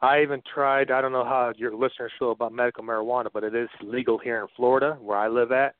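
A man giving an earnest, halting personal faith testimony as a guest on a phone-in radio interview. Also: mid-range voice, steady tone. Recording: dry, narrow phone line.

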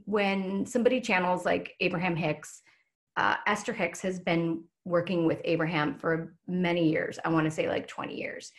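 A woman teaching casually on a live stream, chatty, with many filler words and frequent laughs. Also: on the low side. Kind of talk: casual talk.

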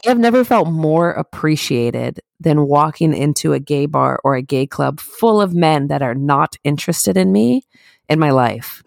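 A woman's voice: sits low, expressive, moderate pace, vocal fry, darkish tone, dry recording, studio quality. A young woman co-hosting a podcast, telling rambling stories in casual chat with lots of laughs and restarts. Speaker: podcast co-host.

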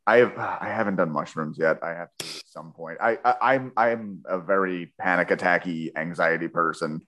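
A man's voice: deep voice, moderate pace, fairly bright tone. A man hosting a podcast, chatting casually about a book with a guest in a rambling, jokey way. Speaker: podcast host. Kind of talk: casual book-club chat.

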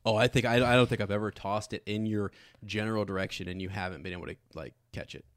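A man's voice: on the low side, steady tone, quick pace, no room sound, studio quality. A man co-hosting a podcast, chatting casually about a film, rambling with many restarts. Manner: rambling, full of fillers and restarts. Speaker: podcast co-host.

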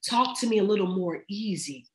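A woman's voice: medium pitch, expressive, normal speed. A middle-aged woman talking as a podcast guest in casual chat, emphatic and slangy as she gives advice. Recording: roomy echo.

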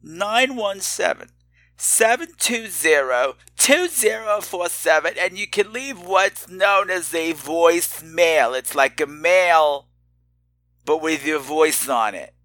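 A man's voice: on the high side, slow pace, sharp tone. A middle-aged man hosting a horror podcast, campy and theatrical with self-mocking asides. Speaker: podcast host. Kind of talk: horror podcast listener feedback and sign-off.

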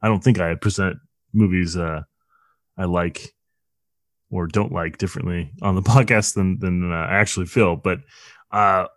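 A man co-hosting a podcast, chatting casually about a movie with wry, rambling, deadpan asides. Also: low voice, moderate pace, long pauses, dry recording. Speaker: podcast co-host.

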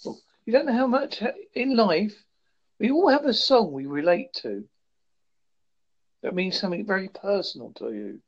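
A man from the United Kingdom with a British accent, chatting casually in a polite, halting way and repeating his words. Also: high-pitched, lively intonation. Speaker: chat partner. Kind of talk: casual chat. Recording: muffled lo-fi audio.

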